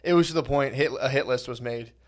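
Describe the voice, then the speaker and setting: A man's voice: medium pitch, fast talker. A young adult man co-hosting a comedy podcast, telling crude stories in a casual, laughing, profane way. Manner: laughs through his stories, swears freely. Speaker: podcast co-host.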